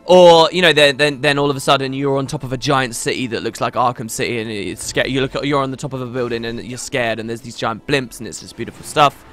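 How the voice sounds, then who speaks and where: Over quiet background music, a medium-pitched, slightly bright streamer talks fast with hardly any pauses while playing a game. He chats casually and talkatively with his audience, wandering off topic and breaking off to restart sentences.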